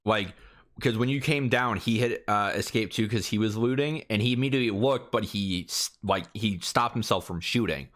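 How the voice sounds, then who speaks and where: A man's voice: lowish voice, normal speed. A man co-hosting a podcast, telling gaming stories blow by blow in casual chat. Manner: animated, blow-by-blow storytelling. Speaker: podcast co-host.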